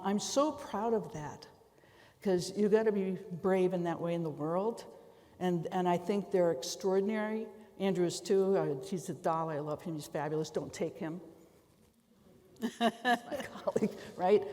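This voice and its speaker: A woman law professor speaking on a conference panel, a lively storyteller with quick folksy asides. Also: on the low side. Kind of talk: panel discussion on stage. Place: large conference hall. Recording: long hall reverb.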